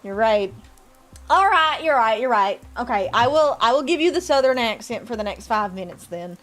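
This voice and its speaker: A woman streams a game live, her high voice jumping around animatedly as she chats playfully with her viewers. She reads the game's lines aloud between remarks, with soft music playing underneath. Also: lively intonation, normal speed. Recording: faint music behind.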